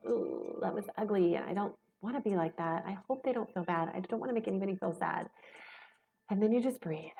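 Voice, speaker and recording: Woman in her 40s, spiritual coach, low gravelly voice, salty and relaxed delivery. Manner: frank, salty and relaxed, with quoted inner voices. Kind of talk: casual teaching talk.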